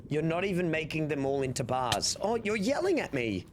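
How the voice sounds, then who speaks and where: Animated Australian man streaming. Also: on the high side, brisk. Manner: rambling, animated, swears freely. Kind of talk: casual gaming stream chat. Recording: steady background noise.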